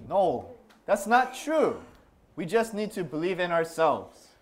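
A man's voice: sits high, very animated, measured pace. A man playing a scoffing defiant schoolboy. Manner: scoffing, dismissive. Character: defiant unbelieving male schoolboy.

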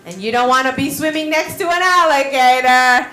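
Woman, children's Bible teacher, storytelling, high voice, echoey room. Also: moderate pace. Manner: animated, asks the children questions.

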